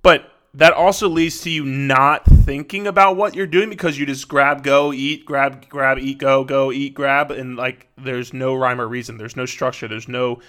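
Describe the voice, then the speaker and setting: Male podcast host, 30s, mid pitch, bright tone, loose conversational delivery with repeats and restarts. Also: fairly even intonation, normal speed, hardly any pauses. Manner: conversational, repeats words and restarts, frequent "right?". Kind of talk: casual advice monologue.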